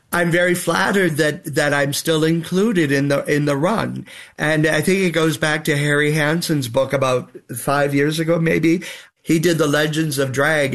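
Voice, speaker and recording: A man's voice: fairly high pitch, a bit bright. An older man and drag performer speaking as an interview guest, talking in a theatrical, wistful and self-deprecating way. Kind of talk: radio interview.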